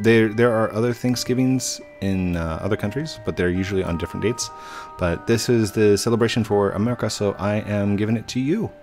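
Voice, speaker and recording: A man's voice: lowish voice, darkish tone. A man hosting a gaming channel, giving chatty, rambling gameplay commentary and humming to himself. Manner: chatty, rambling, hums and self-corrects. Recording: game music under voice.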